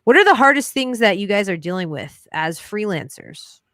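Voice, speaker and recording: A woman's voice: mid-range voice, expressive, moderate pace, fairly bright tone, no echo, clean studio sound. A woman hosting a casual livestream Q&A, upbeat and chatty, calling her guest "bro.". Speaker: livestream host.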